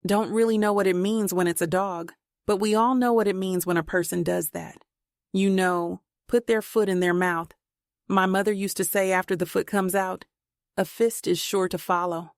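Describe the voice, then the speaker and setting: A woman's voice: mid-range voice, steady tone, moderate pace, a little mellow, no echo, studio quality, natural voice. A woman voicing a polite, cheerful male limo driver in an audiobook. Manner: courteous, cheerful.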